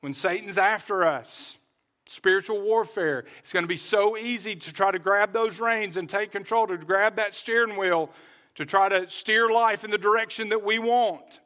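A man's voice: high voice, moderate pace, pushed and bright. A man preaching a sermon, earnest, repeating key phrases and restarting now and then. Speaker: pastor.

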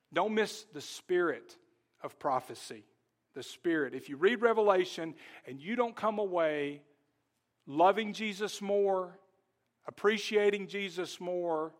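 A male pastor delivers a sermon in church, his voice sitting a little high for a man. He talks earnestly and directly to the congregation, throws questions out to them, and stretches key words slowly for weight. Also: fairly bright tone.

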